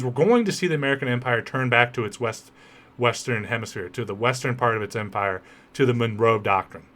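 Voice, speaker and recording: A man's voice: mid-range voice, fairly bright tone. Man giving political commentary. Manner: conversational, rhetorical asides to listeners. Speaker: podcast host.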